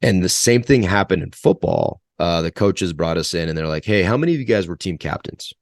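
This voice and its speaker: A man's voice: sits low, lively intonation, a little fast, creaky, dry recording, studio quality. A man in his forties, a guest in an interview, telling stories in a rambling way with many restarts. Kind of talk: conversational interview storytelling.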